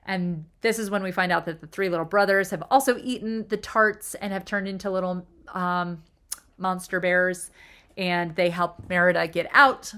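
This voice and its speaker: A woman hosting a video, talking casually and emotionally through a film's plot, with her voice rising sharply when she gets excited and dropping into whispered asides. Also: moderate pace. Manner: chatty and emotional, pitch jumps up when excited. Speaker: video host analyzing film characters. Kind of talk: casual analytical monologue.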